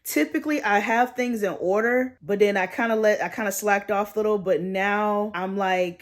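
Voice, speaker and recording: A woman's voice: medium pitch, normal speed, hardly any pauses. A young woman rambling in a casual late-night vlog from her bedroom, slangy and laughing at herself. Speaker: vlogger.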